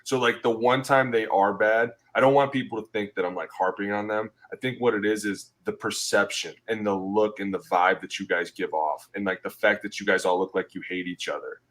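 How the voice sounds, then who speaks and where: A man's voice: on the low side, brisk, hardly any pauses. A man in his thirties co-hosting a sports podcast, ranting in casual talk and acting out what players say to each other. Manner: animated ranting, acting out quotes. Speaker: podcast co-host, former player.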